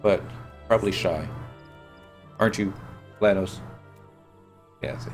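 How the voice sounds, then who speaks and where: A man with a head cold streams a game, talking in a fairly low voice. He chats casually, cracks jokes and answers his viewers as he plays. Faint game music runs underneath. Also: takes it slowly, long pauses. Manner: chatty, joking, reads and answers chat. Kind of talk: casual gameplay chat.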